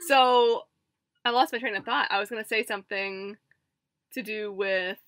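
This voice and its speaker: A woman's voice: medium pitch, fairly even intonation, unhurried, a bit bright, dry recording, clean studio sound. A young woman co-hosting a podcast in casual, rambling chat with many fillers and giggles. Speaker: podcast co-host.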